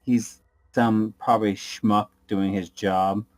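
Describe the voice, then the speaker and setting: A man with a low voice and slow delivery narrates his character's actions in a tabletop game, rambling a little and adding sound effects. The sound is dry and close. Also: flat delivery, no echo. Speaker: player.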